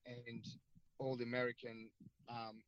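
A man's voice: mid-range voice, completely flat delivery, a little slow, a bit bright, muffled recording. A middle-aged man with an Australian accent, a guest telling stories in a casual, rambling, slangy way and repeating himself as he goes. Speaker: guest, former rugby league player. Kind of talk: casual storytelling.

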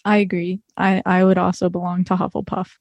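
A woman's voice: fairly low pitch, little pitch movement, brisk, darkish tone, no room sound, lo-fi sound. A woman co-hosting a casual podcast, bubbly and laughing often. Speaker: podcast co-host.

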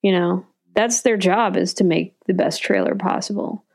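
A woman's voice: mid-range voice, moderate pace, vocal fry, a little mellow. A woman co-hosting a podcast in casual chat, blunt and laughing easily. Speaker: podcast co-host.

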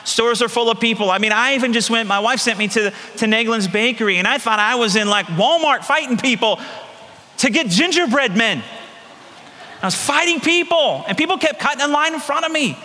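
A middle-aged pastor preaching, with a fairly high voice that has a bright, forceful edge. He tells stories conversationally and sinks to a soft, slow delivery on key lines. His voice rings with the long reverb of a church hall. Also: expressive. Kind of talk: sermon with personal stories.

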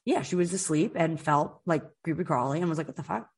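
A woman hosting a podcast in casual chat, telling stories in an animated way, with lots of "like" and swearing. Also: sits low, a little fast, breathy edge. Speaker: podcast host.

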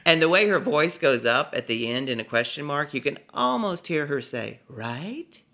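A middle-aged man from Texas, a comedic storyteller, telling a vivid personal story in a lively, theatrical way and savoring his words. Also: fairly high pitch, moderate pace, creaky. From Texas, USA.

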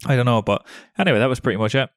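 A man's voice: mid-range voice, racing, no echo. A man co-hosting a podcast in casual chat, trading dry jokes and swearing casually. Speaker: podcast co-host.

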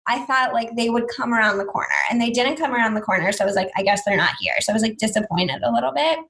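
A woman's voice: on the high side, rapid-fire, poor audio. Chatty young woman telling a story. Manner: chatty, lots of "like", animated retelling with quoted voices. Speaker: storyteller in a casual conversation. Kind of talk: casual chat.

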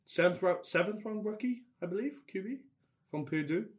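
A man's voice: high voice, lively intonation, normal speed. Punning, jokey man co-hosting a podcast. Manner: jokey, punning, mock-dramatic about lost bets. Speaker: podcast co-host. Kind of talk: casual sports podcast chat.

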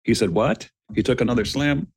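A middle-aged man with a fairly low voice tells a dramatic story as a guest on a podcast. He speaks earnestly, calls his listeners "gentlemen," and repeats words as he builds toward each point. The sound is dry and close. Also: moderate pace, dry recording. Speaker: guest, retired police officer.

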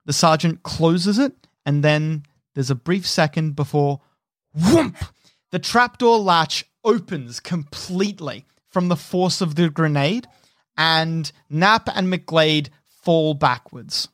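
A man narrating as game master in a tabletop role-playing game, unhurried and descriptive, with frequent restarts. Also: a little high, fairly bright tone, no room sound, clean studio sound.

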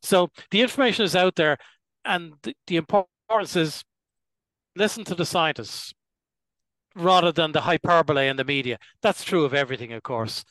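Older guy explaining things slow and careful, bit high-pitched, dead dry audio. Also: a bit bright, no room sound, rough recording. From Ireland. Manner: measured, deliberate, clears his throat now and then. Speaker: gastroenterologist guest. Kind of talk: explanatory interview answers.

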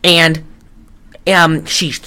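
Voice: medium pitch, flat delivery, slow pace, sharp tone. A podcast co-host in a casual chat, retelling a film with lots of fillers and restarts. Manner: rambling, chatty, with many fillers and restarts.

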